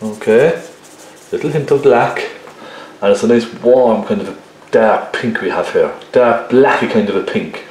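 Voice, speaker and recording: Relaxed man teaching painting, echoey room. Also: on the low side, moderate pace, slight background noise. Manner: relaxed, checks in with viewers with "okay?". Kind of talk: painting tutorial demonstration.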